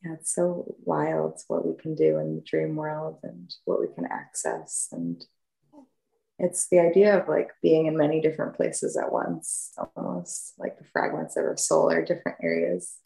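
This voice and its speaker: A woman guest in a group discussion, musing in an unhurried, dreamy way. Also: low-pitched, vocal fry, warm tone, echoey room, poor audio. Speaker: podcast guest.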